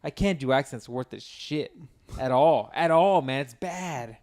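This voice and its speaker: In an unhurried, mid-range voice, this man co-hosts a podcast and talks loosely with his partner. He tells meandering, foul-mouthed tales full of filler words, delivered with lively energy.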